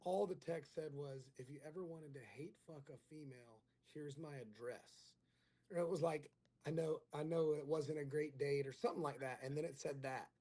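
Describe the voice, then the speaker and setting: A man's voice: fairly high pitch, fairly even intonation, normal speed, dark tone. A male comedian telling a rambling, crude, self-mocking story in casual chat, acting out the dialogue. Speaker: comedian guest.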